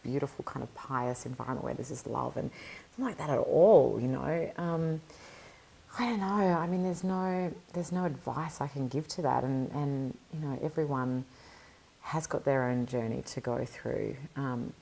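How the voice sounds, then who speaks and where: A woman with a strikingly deep voice, pitched far below most women's, and a gravelly fry that runs through her words. She talks candidly and reflectively as an interview guest, often pausing on fillers as she gathers her thoughts. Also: warm tone. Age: adult mother. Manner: reflective, earnest, many fillers. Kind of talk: candid conversational storytelling.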